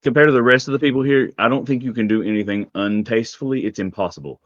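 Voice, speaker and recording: A man's voice: mid-range voice, steady tone, fast, no echo, muffled recording. A man narrating as game master of a tabletop game in a casual, rambling way, with many ums.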